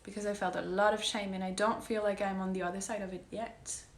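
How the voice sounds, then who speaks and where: A woman's voice: medium pitch, little pitch movement, fast, roomy sound. A woman coach talking earnestly in a casual heartfelt monologue, pressing her points and sometimes sinking to a whisper. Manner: earnest, emphatic, drops to whispers. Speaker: wellness coach.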